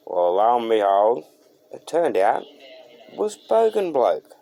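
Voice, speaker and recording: A man's voice: mid-range voice, wildly swooping pitch, takes it slowly, creaky, warm tone. A man with an Australian accent, hosting a car channel and telling a story in laid-back, slangy talk. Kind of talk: storytelling to camera.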